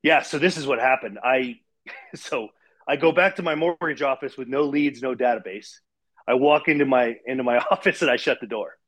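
A man in his forties telling a personal story in casual interview talk, animated and full of fillers, acting out the voices of others. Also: medium pitch, moderate pace. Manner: animated, acts out quoted voices, many fillers. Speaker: guest.

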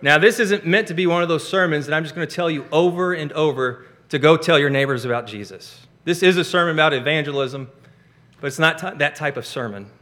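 Preaching in a bright, forceful tone, a pastor speaks at a pitch a little higher than most men's. He hammers home every point with emphatic, rising stresses, and his pace is brisk.

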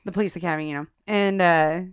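A woman co-hosting a podcast, telling a personal story in casual chat. She is animated, laughs often and addresses the listeners as guys. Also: on the low side, fast talker, smooth. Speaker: podcast co-host.

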